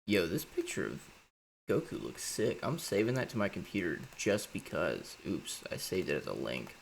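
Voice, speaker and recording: A man's voice: deep voice, sing-song, moderate pace, creaky, a little hiss or hum. A man chatting casually and goofily while drawing on a late-night stream. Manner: goofy, rambling.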